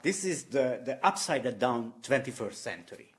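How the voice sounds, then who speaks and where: A man's voice: medium pitch, very animated, moderate pace, hardly any pauses. A man from Eastern Europe telling candid personal stories in loose, non-native English, often laughing at himself. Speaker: vlogger. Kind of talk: personal storytelling to camera.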